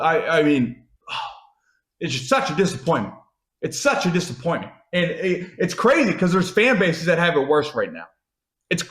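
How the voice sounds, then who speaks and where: Profane, animated American man ranting. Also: on the high side, roomy sound. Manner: swears constantly, repeats lines, swings loud then muttering. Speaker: college football podcast host. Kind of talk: profane ranting sports talk.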